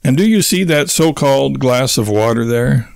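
A man's voice: medium pitch, lively intonation, normal speed, creaky, smooth, no echo. A man voicing a paranoid, eccentric male inventor who speaks in grandiose, conspiratorial tones and puts on a stuffy British air. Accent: stuffy British put-on. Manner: pompous, conspiratorial, over-the-top.

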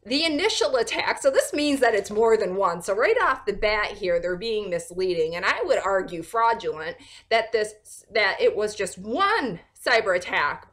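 A woman vlogger talking in a casual, animated and sarcastic rant, full of fillers and restarts. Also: mid-range voice. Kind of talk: casual ranting monologue.

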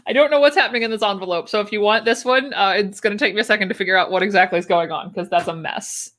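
A woman's voice: medium pitch, a bit bright. A young woman chatting casually on a livestream, with wry asides and easy laughs. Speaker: livestream host unboxing sewing patterns. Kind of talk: casual chat.

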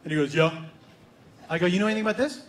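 A man doing stand-up, telling a story in an animated, profane way and acting out both sides of a conversation, on a stage before a live audience. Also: high-pitched, rapid-fire, reverberant. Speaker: stand-up comedian.

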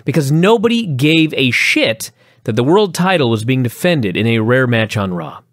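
A man's voice: normal speed, no echo, studio quality. A man co-hosting a wrestling review podcast, ranting animatedly in casual chat. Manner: animated ranting with sweeping pitch swings. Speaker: podcast co-host.

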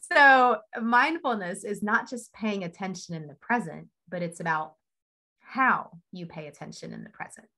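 A woman's voice: fairly low pitch, sharp tone, rough recording. A woman speaking on a team video call, telling a story in a chatty way and laughing often. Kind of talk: casual motivational talk.

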